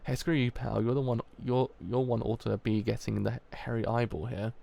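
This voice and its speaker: A man's voice: medium pitch, little pitch movement, moderate pace, gravelly, warm tone. A man reading aloud as a cocky, boastful male street thug, grumbling and swaggering.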